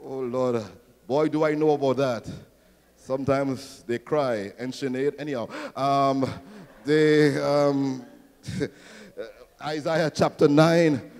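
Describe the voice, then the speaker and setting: Man, pastor, rousing sermon, high voice, long reverb of a church hall. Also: gravelly. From Trinidad and Tobago. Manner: rousing preaching, swells to near-shouting, call-and-response questions.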